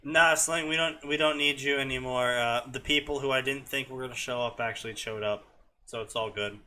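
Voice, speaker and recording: A man's voice: mid-range voice, fairly even intonation, a little fast, bright, forceful tone. A young man hosting a show who reads fanfiction aloud with sarcastic, joking commentary. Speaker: host reading fanfiction. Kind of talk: comedic reading and commentary.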